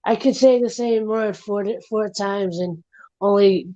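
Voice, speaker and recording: A woman's voice: medium pitch, measured pace, dark tone, dry recording, dull audio. A woman with a light Boston accent, co-hosting a stream in rambling casual chat. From Massachusetts. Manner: rambling, lots of likes. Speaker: stream co-host.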